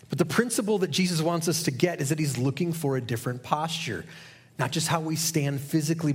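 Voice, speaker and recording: A man's voice: a little high, husky. A middle-aged man preaching a sermon as a pastor, earnest and conversational, asking the listeners questions.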